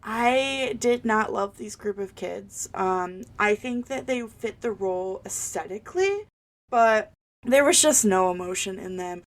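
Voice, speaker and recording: A woman's voice: mid-range voice, expressive, measured pace. A young adult woman co-hosting a podcast in casual chat, giving blunt, candid opinions with a joking edge. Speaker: podcast co-host.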